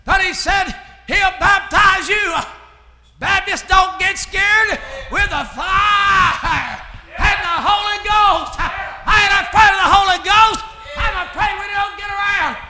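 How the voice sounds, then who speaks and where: A man's voice: extremely high pitch, fairly even intonation, slow pace, bright, forceful tone, raised voice. A man, preaching a sermon in a hollering, chanted style. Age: 60s. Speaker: pastor. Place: church. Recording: echoey church with congregation.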